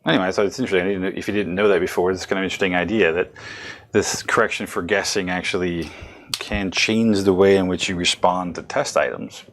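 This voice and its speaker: A man's voice: low-pitched, steady tone, fast, a bit bright. A man giving a recorded psychology lecture, talking in a loose, conversational way with frequent restarts and self-corrections.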